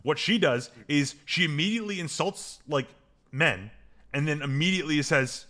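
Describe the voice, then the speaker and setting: Brief: male podcast co-host, bright forceful voice, rambling and filler-heavy, quick to get fired up. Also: fairly high pitch. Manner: rambling, filler-heavy, gets heated and animated. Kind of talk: casual chat recapping a TV episode.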